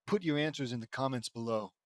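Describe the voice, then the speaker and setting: A man's voice: mid-range voice, fast, no room sound. A man reading fan fiction aloud and stopping often for sarcastic, exasperated asides, with some swearing. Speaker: audiobook reader.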